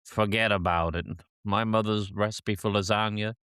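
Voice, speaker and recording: A man putting on a greedy, blustering mock-mobster uncle with a gruff, clipped delivery. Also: on the low side, steady tone, moderate pace, fairly bright tone, no room sound, studio quality, lightly acted.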